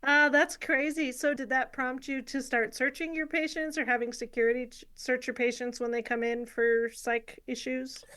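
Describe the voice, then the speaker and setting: A woman's voice: high voice, flat delivery, normal speed, hardly any pauses, fairly bright tone. A woman hosting a casual interview, reacting with laughs and asking follow-up questions. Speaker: podcast host.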